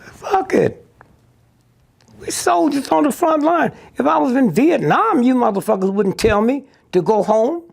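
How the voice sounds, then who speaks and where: Gravelly older man, blunt and profane. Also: very high voice, very animated, unhurried. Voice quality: gravelly and husky. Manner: blunt, profane, punctuates with "Huh?". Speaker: interviewee. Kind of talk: profane storytelling interview.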